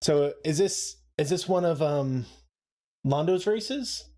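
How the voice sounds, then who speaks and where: Chatty, laughing man with a higher voice. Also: a little slow, warm tone. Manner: chatty, laughs often, playful asides. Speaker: co-host of a show watch-along. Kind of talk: casual live commentary.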